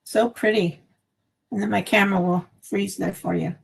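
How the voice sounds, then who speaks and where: A woman with a gravelly, creaky voice at an everyday middle pitch chats while she paints at home. She rambles from one thought to the next, trailing off with "um" and "like". It sounds like a phone recording at her craft table. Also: steady tone, normal speed. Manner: chatty, meandering, trails off with fillers. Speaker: craft channel host. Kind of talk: casual live-stream chat while crafting.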